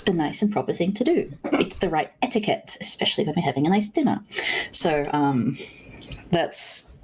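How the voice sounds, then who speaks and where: A woman's voice: low-pitched, very animated, normal speed, a little mellow, a little hiss or hum, rough recording. An Australian woman streamer in casual chat, hesitant with frequent ums. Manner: chatty, hesitant with many ums.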